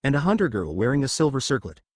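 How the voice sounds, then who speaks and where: A man's voice: mid-range voice, very animated, fast talker, breathy edge, no echo. A scheming, hostile monster in disguise with a strange French accent, put on by a male storyteller. His voice rises and falls with real animation. The recording is dry and close, with no room sound. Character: villainous manticore man, French accent.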